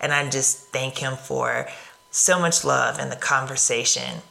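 A woman's voice: rumbling low, fairly even intonation, a little slow, gravelly, sharp tone. A woman from the United States hosting a podcast, telling a personal story in an earnest, reflective way. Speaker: podcast host.

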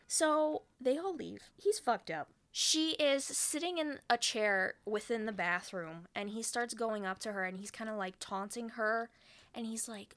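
A woman's voice: fairly high pitch, moderate pace. Chatty woman retelling a film. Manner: animated retelling with many "like" fillers, acting out lines. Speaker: podcast co-host recapping a film. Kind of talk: casual chat.

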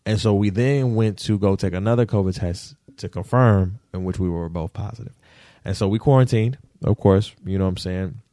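A man's voice: low voice, mellow, no room sound, studio quality. Man telling a personal story. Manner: repetitive, restarting, addresses viewers as y'all. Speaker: vlogger. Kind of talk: emotional storytelling to viewers.

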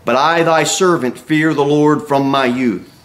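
A man's voice: a little high, a little slow. A man preaching an expository sermon as a pastor, reading scripture aloud and acting out the Bible figures' words with emphatic exclamations.

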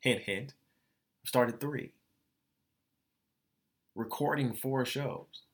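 A young adult man hosting his own podcast vents in a candid, emotional monologue, tearful and swearing, with phrases repeated over and over. He has a mid-range voice and speaks very slowly.

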